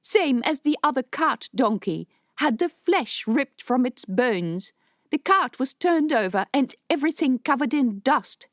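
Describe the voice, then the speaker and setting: A woman's voice: high-pitched, expressive, measured pace, no room sound, clean studio sound, voice pushed up. A woman voicing an exhausted young male student from the city, who talks in a strained, raised, pleading voice.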